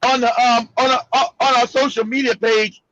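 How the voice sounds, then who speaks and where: A man's voice: extremely high pitch, flat delivery, normal speed, sharp tone, dull audio. A man hosting a casual political talk show, brash and profane, laughing often. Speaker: show host.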